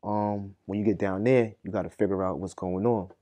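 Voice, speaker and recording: A young man from Boston tells his story on a podcast in a mellow, dark-toned voice with a dry, close sound. He talks in loose slang and gets loud and animated as he goes on. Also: deep voice, moderate pace, no room sound. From Boston, Massachusetts. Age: young adult. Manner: animated, slangy, rising loudly when telling the story. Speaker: podcast guest. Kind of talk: casual storytelling.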